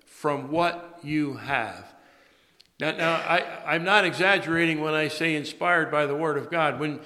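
A male pastor giving a morning sermon, speaking haltingly with many fillers and restarts. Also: fairly high pitch, bright, forceful tone. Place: church sanctuary. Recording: long reverb of a large church.

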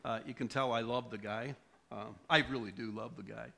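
A man's voice: medium pitch, steady tone, normal speed, gravelly, bright, forceful tone. A middle-aged male preacher telling a personal story in a sermon, asking the congregation questions along the way. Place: church.

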